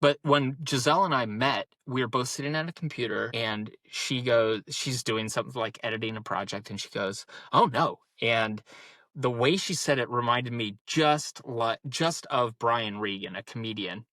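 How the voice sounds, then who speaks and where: A man in his thirties chats casually on a podcast, winding through stories and leaning on "like" as he goes. His voice is bright and forceful, sitting at an ordinary middle pitch. The recording is dry and close, with no room sound. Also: normal speed, dry recording. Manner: rambling storyteller, many "like" fillers. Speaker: podcast co-host. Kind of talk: casual conversation.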